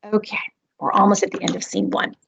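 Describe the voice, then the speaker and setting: A woman's voice: medium pitch, a little fast, creaky, slight background noise. A woman teacher reading a play aloud, explaining with dramatic emphasis and repetition. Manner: expressive, dramatic, repeats key points. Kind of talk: read-aloud lesson.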